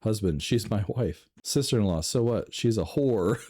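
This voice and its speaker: A man reading online stories aloud and reacting with laughs, swearing and sudden jumps in pitch. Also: animated, slow, dark tone. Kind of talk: casual reading and commentary.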